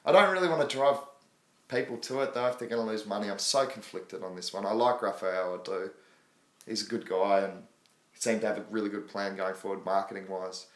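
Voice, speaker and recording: A man's voice: fairly low pitch, brisk, fairly bright tone, roomy sound. An Australian man hosting a casual live stream chat, rambling and chatty, answering viewer questions and laughing often.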